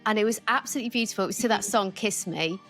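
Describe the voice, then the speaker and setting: A woman's voice: mid-range voice, rapid-fire, a bit bright, soft background music. A woman hosting a podcast and speaking in an effusive, gushing way. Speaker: podcast host. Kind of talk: casual podcast chat.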